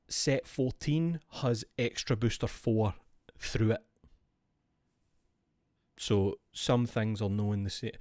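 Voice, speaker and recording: A man's voice: mid-range voice, a little mellow, no echo. A man streaming, chatting casually in a rambling, profane, jokey way.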